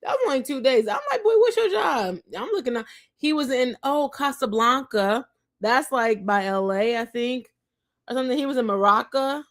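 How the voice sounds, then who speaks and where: A woman hosting a casual recap podcast, talking in with a fairly high voice. She chats freely and keeps acting out other people's lines in quick bursts. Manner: chatty, animated, acts out quotes of others. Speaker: podcast host.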